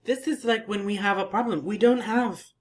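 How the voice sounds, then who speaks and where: A man teaching a simple English lesson, patiently repeating words and laughing softly. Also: high-pitched, fairly even intonation, normal speed. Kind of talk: slow, simple language lesson.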